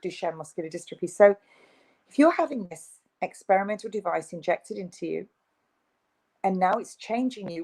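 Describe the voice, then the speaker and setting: A woman's voice: mid-range voice, darkish tone, low-quality recording. A woman, a guest in an interview, speaking in an emphatic, insistent, ranting way. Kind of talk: video interview.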